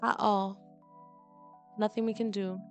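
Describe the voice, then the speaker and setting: A woman's voice: mid-range voice, flat delivery, a little slow, faint music behind. A woman giving casual, chatty gameplay commentary as a let's play host, dramatic and exasperated as she reacts.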